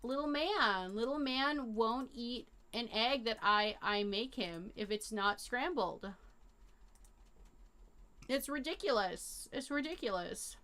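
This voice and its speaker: A young woman streaming live, chatting casually with her viewers in a rambling, animated way full of fillers and slang. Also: on the high side, takes it slowly. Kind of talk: casual chat to a live chat audience.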